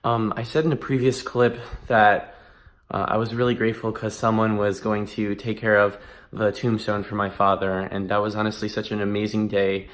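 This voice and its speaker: A man's voice: on the low side, level tone, normal speed, fairly bright tone. A man in his twenties talking earnestly in a casual vlog, emphatic and given to restarts. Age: 20s. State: emotional, close to tears. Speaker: vlogger.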